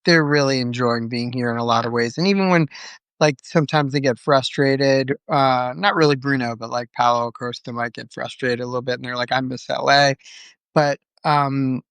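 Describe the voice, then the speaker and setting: A man's voice: medium pitch, fairly even intonation, normal speed, a bit bright, clear, resonant tone, no room sound. An American man in his thirties, chatting casually in an easygoing, slightly hesitant way on a live video Q&A. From USA. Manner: easygoing, a little hesitant, many "um" and "like" restarts. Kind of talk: casual chat answering viewer questions.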